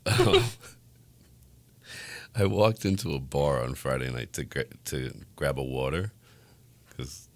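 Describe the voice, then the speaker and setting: A man's voice: very deep voice, lively intonation, slow pace, long pauses, no echo. A man hosting a podcast in casual chat, telling stories bluntly with lots of swearing. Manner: profane, blunt storytelling with frequent laughs. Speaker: podcast host.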